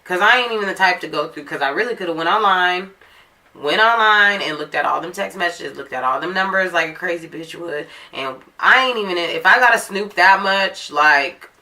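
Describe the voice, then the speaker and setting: Low-voiced woman telling a blunt story. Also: expressive, normal speed, sharp tone. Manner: chatty, profane, emphatic storytelling. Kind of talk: casual storytime monologue.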